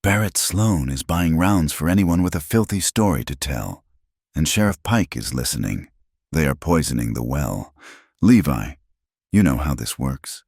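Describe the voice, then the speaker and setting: This is a frank, no-nonsense saloon owner woman, as a man reads her. She presses her warnings bluntly and plainly. The voice stays deep, and the sound is close and dry. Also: expressive, normal speed, a little mellow, dry recording, exaggerated voice. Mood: urgent. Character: sharp-tongued blunt female saloon owner.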